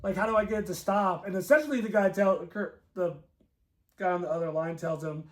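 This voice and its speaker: High-voiced man laughing through a story. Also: a little fast. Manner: animated retelling with frequent laughs. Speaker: movie review co-host. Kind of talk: casual chat.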